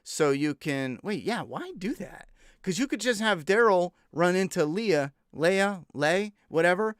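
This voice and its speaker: A man's voice: sits high, expressive, measured pace, clean tone, no echo, studio quality. A young man reviewing a TV episode in an exasperated, incredulous rant, swearing freely. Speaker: TV show reviewer. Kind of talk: casual profane review rant.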